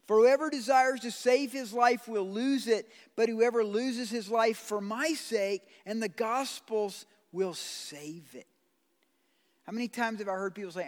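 A man preaching a sermon as pastor, blunt and conversational, swinging from loud pleading to quiet. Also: sits high, slow pace. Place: church sanctuary. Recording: long hall reverb.

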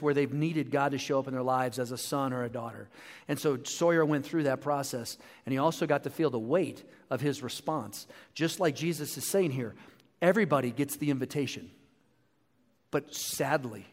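A man in his forties preaching a sermon as a pastor, telling family stories with animation. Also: medium pitch. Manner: storytelling, animated when telling anecdotes. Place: church sanctuary. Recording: long hall reverb.

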